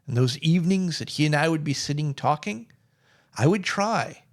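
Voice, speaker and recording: A man's voice: a little high, expressive, normal speed. A middle-aged man telling a personal story in a plainspoken, wry way. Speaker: vlogger.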